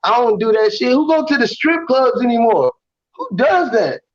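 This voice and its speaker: Very high-voiced man lecturing, lo-fi audio. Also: very animated, moderate pace. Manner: insistent, lecturing, earnest. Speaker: guest caller. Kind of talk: casual talk show chat.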